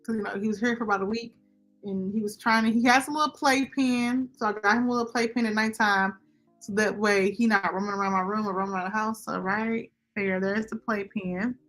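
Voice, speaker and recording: A woman's voice: mid-range voice, fairly even intonation, fairly quick, a bit bright, faint music behind. A young woman, chatting casually with viewers as a livestream host. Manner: chatty, talks to viewers and chat directly. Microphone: computer microphone.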